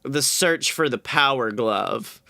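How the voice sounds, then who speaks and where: A man's voice: mid-range voice, animated, takes it slowly, gravelly, sharp tone, no echo. A man co-hosting a podcast in casual chat, blunt and self-mocking, with casual swearing. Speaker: podcast co-host.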